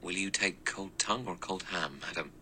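A man voicing an anxious, deferential middle-aged manservant who speaks in a low murmur. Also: moderate pace, bright, forceful tone, slight background noise, poor audio.

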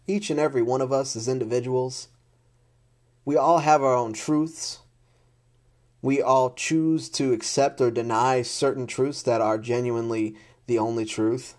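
A man's voice: medium pitch, a little slow, a little mellow. A man in an unscripted rant to camera, blunt and exasperated, swearing often and repeating himself. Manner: blunt, heavy swearing, repetitive; frustrated and exasperated.

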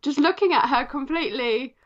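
A Polish-born woman who speaks with an English accent is a guest on a podcast interview, talking reflectively and sprinkling in many "kind of"s and "um"s. Her voice sits high and her pace is brisk. The audio is dull.

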